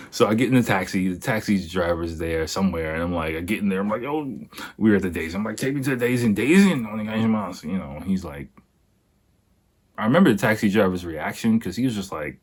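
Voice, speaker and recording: A man's voice: low-pitched, breathy edge. A young man hosting a podcast, telling a story casually, laughing often and acting out quotes. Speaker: podcast host.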